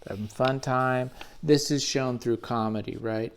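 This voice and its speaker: A man's voice: medium pitch, fairly even intonation, moderate pace, creaky, a little hiss or hum. A man enthusiastically retelling a comic book story in casual, slangy commentary with frequent swearing. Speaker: comics reviewer.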